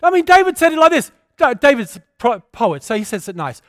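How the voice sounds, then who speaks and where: High-voiced preacher, impassioned. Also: male voice, sing-song, brisk, dry recording, clean studio sound. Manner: impassioned preaching, swinging between loud declarations and hushed storytelling. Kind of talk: sermon.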